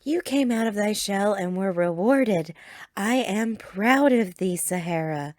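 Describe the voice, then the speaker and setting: A woman's voice: mid-range voice, a little slow, darkish tone, no echo, natural voice. A woman voicing a brave young female trainer who talks in an old-fashioned way with thee and thou, in a dry recording. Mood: tender.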